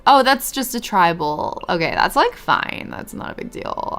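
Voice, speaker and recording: A woman's voice: on the high side, lively intonation, unhurried, few pauses, fairly bright tone, soft background music. A woman streamer chatting casually while playing a game and answering her chat. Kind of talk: casual gameplay commentary.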